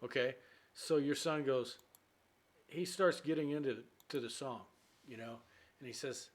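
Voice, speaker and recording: A man explaining English idioms in a relaxed lesson. He talks in a loose, chatty way, with plenty of fillers, and acts out short everyday scenes to make each point. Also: medium pitch, unhurried. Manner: chatty, with many fillers and play-acted quotes. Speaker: English teacher.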